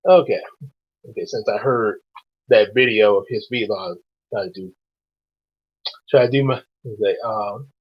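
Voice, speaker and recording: A man reading his own novel aloud, with casual, animated asides. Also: on the low side, unhurried, pauses often, husky. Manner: animated, laughs often, quiet asides. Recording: dull lo-fi recording.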